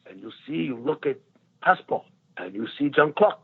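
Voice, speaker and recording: A man impersonating an excitable film director with a Chinese accent, giving choppy, repetitive acting commands. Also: a little high, normal speed, slightly rough, voice pushed up, full character voice. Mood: coaxing. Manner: choppy, insistent, repeats commands. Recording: tinny phone line.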